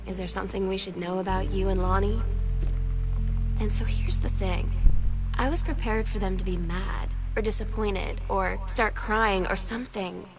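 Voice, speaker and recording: A woman's voice: mid-range voice, steady tone, moderate pace, lightly acted. A woman voicing a candid teenage girl who reads her journal aloud in a confiding, wry, conversational way, as game narration. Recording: game audio with music underneath.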